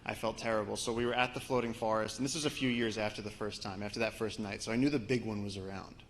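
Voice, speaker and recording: A man from Brooklyn, an expedition guide, telling a lively story to a live audience with slides. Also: on the low side, fast talker, slight background noise. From Brooklyn, New York. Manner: animated storyteller, voice rising as the story builds. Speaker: expedition guide giving a talk.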